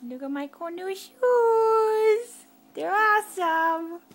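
A woman voicing her toddler boy in slow, sing-song baby talk, bragging about his shoes. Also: extremely high pitch, expressive, voice pushed up, heavily acted. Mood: proud. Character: proud little toddler boy showing off shoes.

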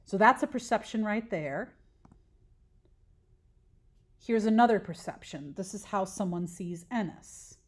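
A woman's voice: medium pitch, unhurried, pauses often. A woman teacher giving a recorded lesson, patiently explaining step by step and asking questions that she then answers herself.

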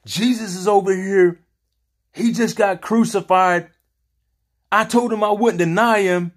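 A man's voice: sits high, pitched above the performer's own voice. A man playing a raised, anguished apostle. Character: remorseful male apostle agonizing over his betrayal.

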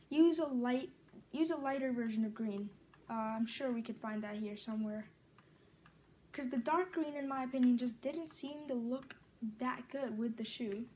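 Woman, gaming tutorial host, a touch high-pitched, casual list-reading delivery, light background hiss. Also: darkish tone. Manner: reads off lists of settings and numbers, corrects herself mid-sentence. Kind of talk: casual game tutorial walkthrough.

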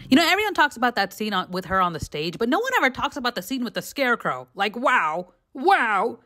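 Brief: young female vlogger, animated and candid, big pitch swings, casual movie chat. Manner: animated, profane, gushing. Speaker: film reviewer vlogger. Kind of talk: casual film review vlog.

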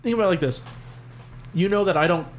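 Rambling, swearing young man, slightly high voice. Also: fast, slight background noise. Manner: rambling, swears a lot, filler-heavy. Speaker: podcast co-host. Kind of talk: casual chat.

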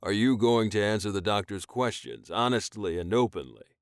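A man voicing a huge, commanding male alien who speaks slowly and low, keeping firm control, in an audiobook. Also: animated, clean tone, no room sound, studio quality. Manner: slow, low, firmly in control. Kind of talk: audiobook character voice.

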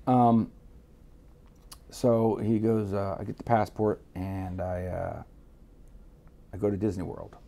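Slow and lowish, with vocal fry and frequent pauses, this middle-aged man from Miami spins a casual yarn as an interview guest. He's streetwise and foul-mouthed, re-enacting each character's voice with gusto.

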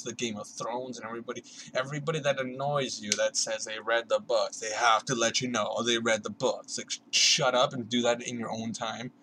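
Bright-voiced young man ranting sarcastically. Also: mid-range voice, a little hiss or hum, rough recording. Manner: sarcastic, swearing, mimics other people's voices. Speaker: vlogger. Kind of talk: casual ranting to camera.

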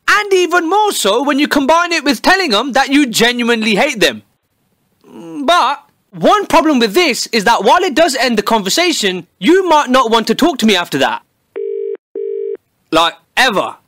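Young guy, high and lively, cheeky sweary comic rant. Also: normal speed, no room sound, clean studio sound. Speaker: comedy YouTuber. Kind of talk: comedic monologue to camera.

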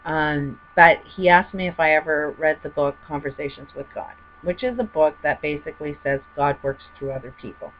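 A woman's voice: deep voice, normal speed, few pauses, dull audio. A woman telling a personal story in a rambling, heated way, full of fillers. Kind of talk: personal testimony monologue.

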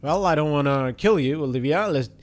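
A young man giving casual, excitable let's-play commentary while he plays, swearing and joking. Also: a little high, fairly quick. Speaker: gaming YouTuber.

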